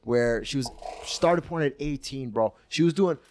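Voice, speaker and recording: A man's voice: mid-range voice, normal speed, darkish tone, slight background noise. Crude, rambling young man. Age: 20s. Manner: crude, profane, rambling storytelling. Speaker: podcast host. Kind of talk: casual comedy podcast chat.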